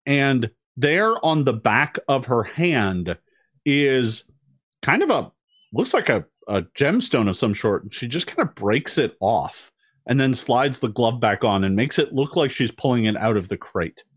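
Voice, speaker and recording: A man's voice: mid-range voice, big pitch swings, unhurried, a bit bright, husky, no echo. A man narrating as game master of a tabletop game, descriptive and hesitant, full of ums and restarts.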